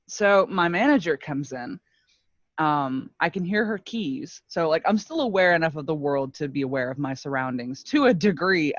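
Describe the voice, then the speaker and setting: A woman's voice: deep voice, dry recording. A woman co-hosting a podcast, telling a story in a casual, self-mocking way and laughing often. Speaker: podcast co-host. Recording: muffled lo-fi dry mic.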